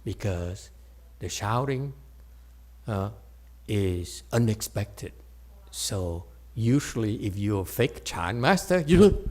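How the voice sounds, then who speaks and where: A male meditation teacher leads a Buddhist dharma talk before an audience. He speaks slowly and playfully, teasing his listeners and checking that they follow. His pitch swings widely as he talks. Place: meditation center hall with audience.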